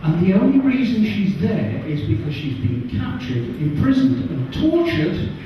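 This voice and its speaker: An English man doing a stand-up comedy set on a pub stage, animated and jumping into high voices for characters. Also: a little slow, a little hiss or hum. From England. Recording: distant, roomy and muffled pub recording.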